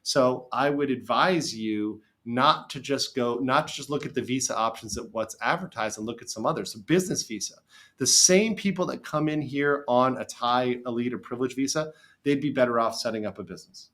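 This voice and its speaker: A middle-aged American man, an attorney, talking as a guest on a podcast, emphatic and lively when telling stories. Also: medium pitch, fairly quick. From USA. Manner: animated, emphatic storyteller. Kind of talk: casual podcast interview.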